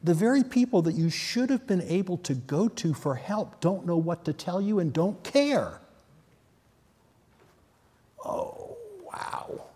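A man's voice: high voice, lively intonation, normal speed, hardly any pauses, warm tone, slightly rough. A man preaching a sermon, earnest, with sudden emphatic peaks. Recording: long hall reverb.

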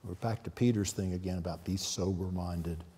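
A man's voice: sits low, steady tone, moderate pace, dark tone, slightly rough. A man preaching a sermon, earnest, with sudden emphatic peaks. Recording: long hall reverb.

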